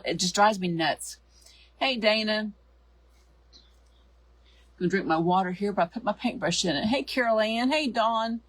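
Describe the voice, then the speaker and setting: Hoarse lady hosting a live craft stream, chatty, says hi to everyone, dry close sound. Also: mid-range voice, no echo. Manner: chatty, greets viewers by name. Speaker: craft show host.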